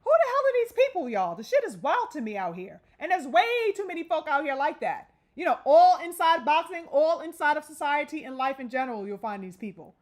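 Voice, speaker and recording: A woman's voice: high voice, big pitch swings, brisk, few pauses. A woman hosting a live boxing stream and delivering a fiery, profane, emphatic rant. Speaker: boxing channel host.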